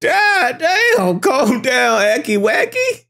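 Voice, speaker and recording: A man's voice: extremely high pitch, very animated, takes it slowly, gravelly, sharp tone. A man hosting a casual reaction commentary, incredulous and laughing, and asking over and over why. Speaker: reaction channel host.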